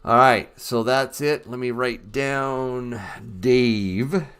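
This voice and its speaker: A man's voice: medium pitch, extremely slow, a bit bright, clear, resonant tone. A man hosting a casual livestream, chatting with viewers in an upbeat, easygoing way. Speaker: livestream host.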